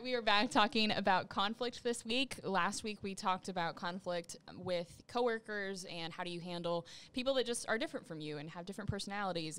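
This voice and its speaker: A woman's voice: medium pitch, clean tone. Teasing woman podcast co-host. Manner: teasing, laughing, animated. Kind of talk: casual chat.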